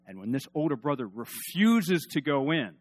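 A man preaching a sermon in an emphatic, animated way, asking the congregation to respond. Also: on the high side, normal speed. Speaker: pastor.

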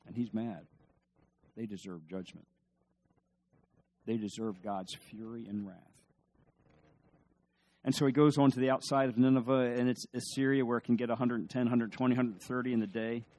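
A man preaching a sermon at a middle pitch. He tells stories in a soft, slow voice, then lifts into loud, eager lines, and he often turns to the congregation with questions. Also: flat delivery. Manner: storytelling, swings from hushed to emphatic, asks the audience questions. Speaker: pastor.

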